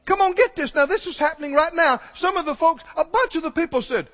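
A man's voice: extremely high pitch, quick pace, fairly bright tone. A man preaching a sermon, urgently pressing his congregation with questions. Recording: dull recording, long hall reverb.

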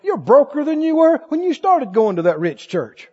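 A man's voice: very high-pitched, big pitch swings, moderate pace, a little mellow, some chatter behind. A man preaching a sermon as pastor, asking the congregation questions and acting out the voices of doubters. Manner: preaching with call-and-response questions; acts out quoted voices of doubters. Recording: dull recording in a large echoing hall.

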